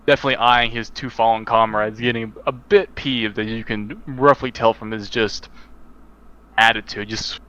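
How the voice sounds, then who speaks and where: Bright-voiced man narrating as game master. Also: mid-range voice, steady tone, moderate pace, smooth, lo-fi sound. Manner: rambling, self-correcting narration.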